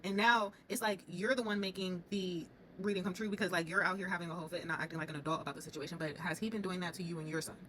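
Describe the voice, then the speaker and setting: A woman's voice: fairly low pitch, steady tone, racing, few pauses, a bit bright, a little hiss or hum, low-quality recording. A woman giving casual, opinionated commentary as she recaps a reality show, talking straight to her viewers.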